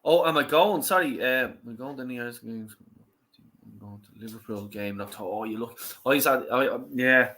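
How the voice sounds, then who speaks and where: An Irish man hosting a football watch-along, chatting casually and swearing loudly at the match. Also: medium pitch, a little fast, slight background noise.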